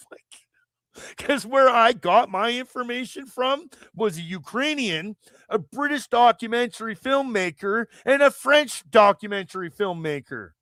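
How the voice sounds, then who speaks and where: A man's voice: sits high, lively intonation, measured pace, a bit bright, dry recording, studio quality. A man from Canada hosting a live chat stream, delivering a profane, heated, rambling political rant. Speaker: livestream host.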